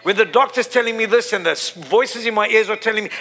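A man preaching a sermon, emphatic, repeating his phrases and building to loud peaks. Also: high-pitched, expressive, brisk, hardly any pauses.

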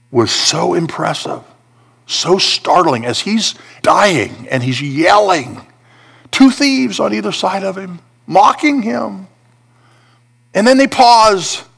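A man's voice: high-pitched, creaky, a bit bright, husky. A man preaching a sermon, building intensity with repeated emphatic phrases. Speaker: pastor.

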